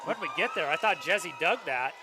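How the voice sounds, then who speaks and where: A man's voice: a little high, animated, brisk, music in the background, crowd noise. A man doing color commentary at a school volleyball match, chatty and joking with his co-host. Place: school gymnasium.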